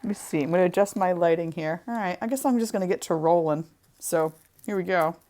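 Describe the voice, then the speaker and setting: Chatty young woman showing a craft project, laughs a lot, kinda low voice. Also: fast, mellow. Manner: giggly, chatty, self-deprecating. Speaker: craft show host. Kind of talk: casual craft demonstration.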